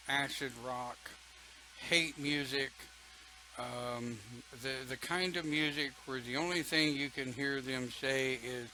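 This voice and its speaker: A man's voice: mid-range voice, sharp tone, slight background noise, rough recording. An older man leading an online pagan church talk, folksy and chatty, reading viewer comments and laughing often.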